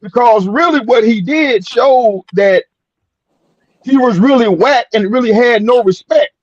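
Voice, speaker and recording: A man's voice: very high voice, measured pace, no room sound. A man on a sports panel, blunt and joking crudely, laughing often. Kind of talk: casual sports talk. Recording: dry, dull lo-fi audio.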